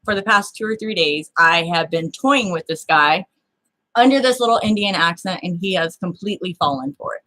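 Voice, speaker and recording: A woman's voice: on the low side, moderate pace. A woman telling a personal story in casual chat, blunt and freely profane, acting out the people she quotes. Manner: animated, acts out the people in her story.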